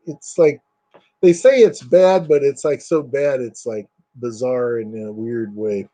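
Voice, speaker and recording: A man's voice: medium pitch, a little slow, mellow. A man chatting casually as he shows off collectibles, rambling with lots of fillers and plenty of enthusiasm. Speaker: collector showing items. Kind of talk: casual show-and-tell chat.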